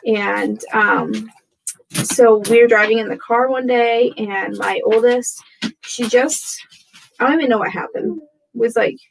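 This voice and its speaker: A woman's voice: a little high, measured pace, gravelly, slight background noise, poor audio. A woman in her thirties chatting casually to camera from home, rambling and self-deprecating, tired and frazzled, laughing often. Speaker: vlogger. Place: home room with torn wallpaper.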